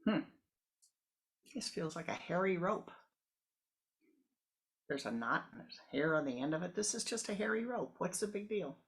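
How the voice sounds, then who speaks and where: A woman spiritual teacher telling a story in a meditation talk, slow, with whispered asides and repeated phrases. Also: lowish voice, expressive.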